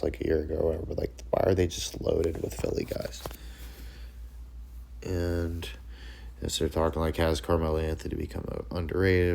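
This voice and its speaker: A man with a low, gravelly voice rambles through a casual sports chat. His tone is dark and mellow, and he swears freely. He keeps calling himself Coach in the third person. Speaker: sports show host.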